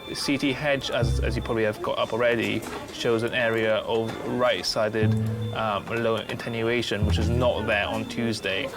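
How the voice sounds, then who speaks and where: A man working as a doctor, explaining scan results in a measured, clinical way with some hesitation. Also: lowish voice, steady tone, creaky, over music.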